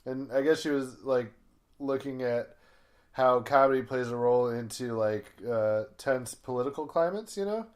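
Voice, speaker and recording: A man's voice: mid-range voice, moderate pace. A man, a comedian, telling long rambling stories in casual podcast chat, full of fillers and swearing.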